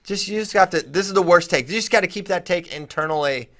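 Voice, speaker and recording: Animated man in a podcast chat. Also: high voice, fast. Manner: animated, rising emphatically when making a point. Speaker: podcast co-host. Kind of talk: casual sports chat.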